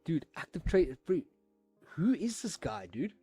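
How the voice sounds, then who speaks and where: A man chatting casually to his viewers during a live stream, excitable and laughing, swearing freely and using street slang. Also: a little high, a little slow, breathy edge, soft background music. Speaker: livestreaming forex trader.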